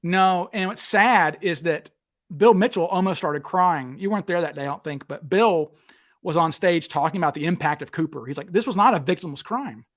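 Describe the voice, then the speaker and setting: A man hosting a casual chat, retelling stories with lively acted-out quotes. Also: high voice, moderate pace. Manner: animated, acts out quotes with raised voice. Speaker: podcast host.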